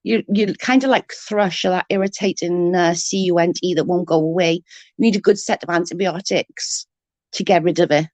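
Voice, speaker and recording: A woman's voice: on the low side, moderate pace, darkish tone, no echo. A woman, ranting bluntly and mockingly as an online commentator, full of profanity. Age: 30s. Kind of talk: ranting live-stream chat.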